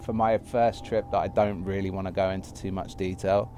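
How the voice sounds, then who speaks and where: A man's voice: deep voice, little pitch movement, brisk, mellow, a little hiss or hum. A man in a casual group chat, speaking in a guarded, hesitant way about his own experience. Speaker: guest sharing his experience.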